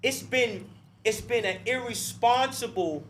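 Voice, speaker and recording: A man with a fairly high voice holds forth as a podcast guest, preachy and profane in a heated discussion. He keeps checking in with "right?" and "you see?" and stumbles over repeated words when fired up. A faint hum runs under the recording. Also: a little slow, fairly bright tone. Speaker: interview guest.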